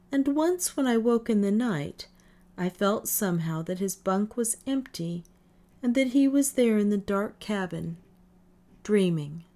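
A woman reading a first-person novel aloud in measured audiobook narration. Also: medium pitch, warm tone. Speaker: audiobook reader. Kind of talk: scripted narration.

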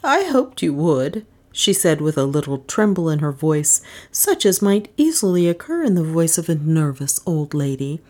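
A woman reading a novel aloud as a narrator, in a measured way, giving the characters modest voices of their own. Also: low voice, lively intonation, darkish tone. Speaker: audiobook narrator.

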